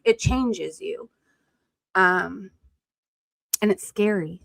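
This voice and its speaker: A woman's voice: medium pitch, extremely slow, creaky, dry recording. A woman hosting a casual livestream commentary, chatty and loose, with lots of "um" and "like". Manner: chatty, with frequent fillers like "um" and "like".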